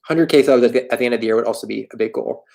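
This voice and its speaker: A man's voice: mid-range voice, rapid-fire, vocal fry, a little mellow. Candid young man chatting on a livestream. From Florida. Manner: candid, self-deprecating, rambling with restarts. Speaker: livestream host answering viewer questions. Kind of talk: casual livestream chat. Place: home in New York.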